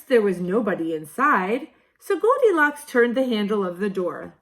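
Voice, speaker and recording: Woman kindergarten teacher, read-aloud storytime; slow, very lively pitch, playful asides. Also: slight background noise. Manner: slow, sing-song, exaggerated storybook delivery with playful asides. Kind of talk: reading picture books aloud to young children.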